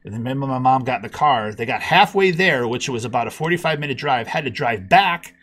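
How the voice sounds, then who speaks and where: A man telling a long personal story on a podcast call, acting out the people he quotes with big jumps in his voice. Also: brisk. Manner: animated, acts out quotes with big pitch jumps. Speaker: podcast guest. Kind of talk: casual storytelling.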